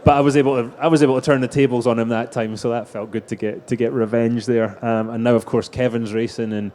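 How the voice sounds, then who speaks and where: A man's voice: medium pitch, fairly even intonation, fast talker, dark tone. A middle-aged man telling anecdotes as a guest in a live stage interview. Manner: anecdotal storytelling, frequent restarts. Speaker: racing driver guest.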